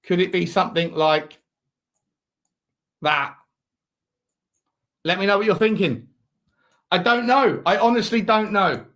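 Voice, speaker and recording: A man's voice: high voice, measured pace, long pauses, fairly bright tone. A man hosting a live football watch-along, chatting in a rambling way and reading out viewer messages. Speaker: host.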